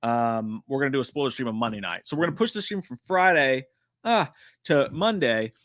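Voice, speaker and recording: A man hosting a live stream, chatting casually and profanely about horror trailers with a joking, animated manner. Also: mid-range voice, no room sound, studio quality.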